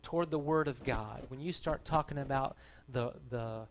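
A man's voice: medium pitch, normal speed, slight background noise. A man, a pastor, delivering a sermon to his church in an earnest, conversational way. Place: church gathering.

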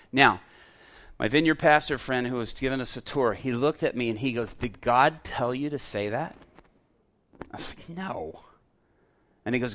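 A man delivers a sermon in an ordinary mid-range voice. He tells the story in an animated way and slips into the voices of the people he quotes. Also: mid-range voice. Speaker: preacher.

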